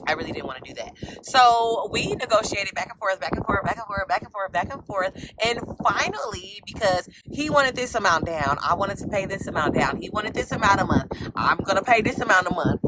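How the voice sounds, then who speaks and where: A woman vlogging in an excited, gushing, emotional way, close to tears, with a casual y'all. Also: mid-range voice, normal speed. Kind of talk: excited casual vlog chat. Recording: loud background noise.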